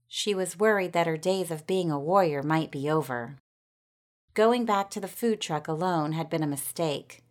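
A woman reads a children's story aloud with gentle expression. Her voice sits a little lower than most women's, and she shapes the tale carefully, line by line. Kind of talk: storybook narration.

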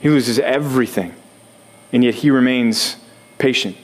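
A man's voice: medium pitch, measured pace. A man preaching a sermon as pastor, talking conversationally, putting questions to the congregation and building to rising intensity.

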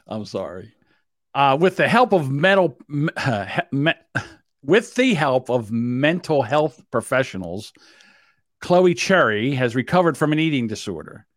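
Lively, brash male podcast co-host. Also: mid-range voice, takes it slowly, dry recording, studio quality. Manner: crude, joking, brash. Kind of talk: casual podcast chat.

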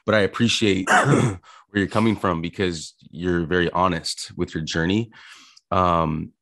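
A man's voice: sits low, fairly even intonation, measured pace, a bit bright, no room sound, clean studio sound. A man hosting an interview, earnest and searching for his words. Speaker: host.

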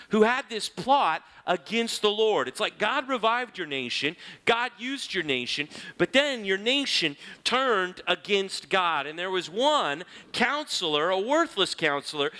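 Animated man teaching from the Bible. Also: sits high. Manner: animated, conversational, reads scripture aloud.

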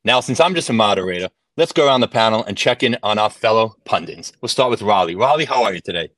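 A man's voice: on the low side, expressive, quick pace, a bit bright, no echo. A man moderating a sports podcast, keeping his panel in line with an upbeat tone. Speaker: show moderator.

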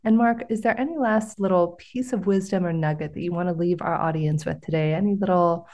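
A woman hosting a podcast interview, reacting with warm enthusiasm. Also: lowish voice, brisk. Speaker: podcast host. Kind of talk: casual interview.

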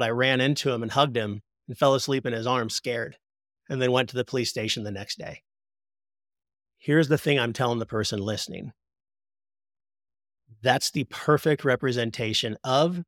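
A man's voice: medium pitch, fairly bright tone, no room sound. Man, 40s, podcast guest; heartfelt testimony, dry close mic. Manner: heartfelt, preacherly, slows for emphasis. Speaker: podcast guest, prison minister. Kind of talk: earnest testimony.

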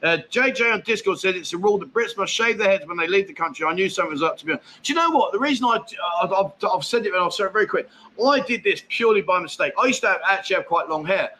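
A man's voice: sits high, racing, sharp tone, a little hiss or hum. A man from England with an English accent, hosting a casual livestream where he reads out and answers viewer comments bluntly, calling people mate. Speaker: livestream host. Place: expat home in Thailand.

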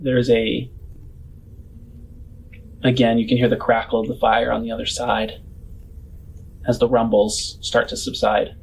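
A man narrating as game master of a tabletop game, describing scenes in an unhurried, casual way. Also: medium pitch, monotone, gravelly, a little hiss or hum, low-quality recording.

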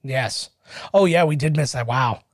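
A man's voice: mid-range voice, measured pace, dry recording, studio quality. A young adult man co-hosting a casual movie commentary podcast, chatty and telling stories. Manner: chatty storyteller, reads out figures and texts. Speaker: podcast co-host.

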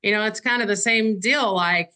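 A woman's voice: mid-range voice, moderate pace, sharp tone. A woman who works as a real estate agent, speaking casually and candidly in a podcast conversation, often stopping to say "you know".

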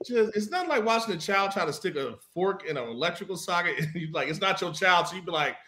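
A man co-hosting a casual podcast, telling stories in an animated, profane way and acting out what people said. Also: sits high, fast talker, noisy background. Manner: animated, profane, acts out quotes. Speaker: podcast co-host. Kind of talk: casual storytelling chat.

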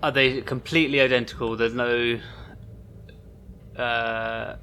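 A man playing a tabletop game, slowly describing what his character does. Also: medium pitch, little pitch movement, sharp tone, a little hiss or hum. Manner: slow, deliberate, describing his character's actions. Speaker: player. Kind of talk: casual tabletop play.

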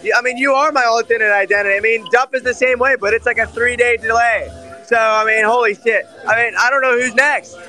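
A man's voice: very high voice, fairly even intonation, bright, forceful tone. A man hosting a casual live chat, joking and swearing. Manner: joking, swearing, talks in quick bursts. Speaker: host.

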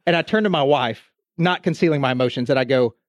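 Animated man telling family stories. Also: medium pitch, quick pace, no echo. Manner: animated storyteller, acts out voices. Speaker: podcast co-host. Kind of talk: casual chat.

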